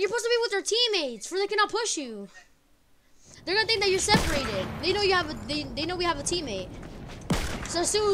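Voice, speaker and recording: A woman streaming a game with teammates, yelling and trash-talking loudly with lots of swearing. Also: very high voice. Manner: loud, profane trash-talking. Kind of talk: live game-stream chatter. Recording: noisy stream audio.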